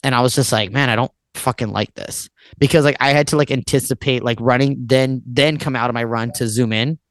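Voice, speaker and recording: A man's voice: medium pitch, steady tone, brisk, no echo. A man in his thirties, a musician and podcast guest, talking in a rambling, casual way with lots of "like" and frequent swearing. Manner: rambling, swears often, fills with "like".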